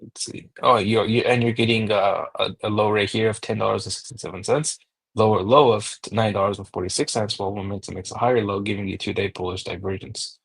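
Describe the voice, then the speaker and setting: Gravelly husky man reading charts. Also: lowish voice, brisk, dry recording, low-quality recording. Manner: steady, number-heavy, thinks aloud. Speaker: market analyst host. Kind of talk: technical chart analysis.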